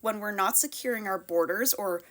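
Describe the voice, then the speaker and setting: A woman's voice: mid-range voice, moderate pace, fairly bright tone. A woman from Canada giving scripted political commentary at home, sarcastic and exasperated, close to the mic.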